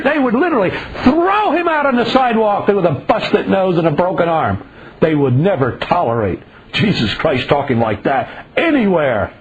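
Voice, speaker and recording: An older man preaching an informal sermon to a small group, animated and sarcastic, acting out the voices of his critics. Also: high-pitched, breathy edge. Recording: dull lo-fi recording.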